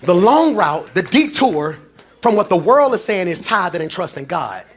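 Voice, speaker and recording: Man, pastor, high voice, shouted preaching then quiet storytelling, church sermon. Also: sing-song, moderate pace, a little hiss or hum. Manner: swings between shouted preaching and low confiding talk. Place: church before a congregation.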